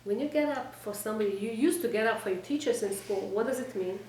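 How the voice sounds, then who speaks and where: A woman teaching a weekly class to a small group, direct and exhorting, often checking in with her listeners and trading quick replies with them. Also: on the high side, darkish tone. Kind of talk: informal lecture to a small group. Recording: echoey room, distant mic, faint background noise.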